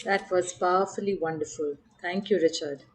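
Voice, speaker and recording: A woman's voice: fairly low pitch, steady tone, moderate pace, a little hiss or hum. A woman hosting a video call, giving brief, gracious introductions of each speaker. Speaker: host.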